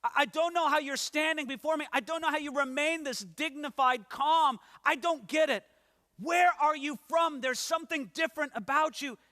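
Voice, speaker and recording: A man's voice: extremely high pitch, normal speed, pushed and bright, pitched above the performer's own voice. A man voicing a domineering, exasperated male Roman governor, insistent and stammering over his words. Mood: baffled. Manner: pleading, insistent, stammering repeats. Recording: long hall reverb.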